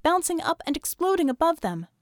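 Woman, audiobook narrator, brisk engaged reading, fairly high voice, dry close sound. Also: very animated, no echo. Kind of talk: scripted narration.

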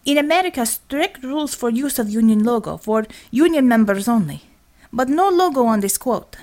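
A woman's voice: on the high side, animated, normal speed, a little mellow, close to an everyday voice. A woman voicing a zealous Russian woman commissar who speaks in clipped English without articles, with a Russian accent. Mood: stern.

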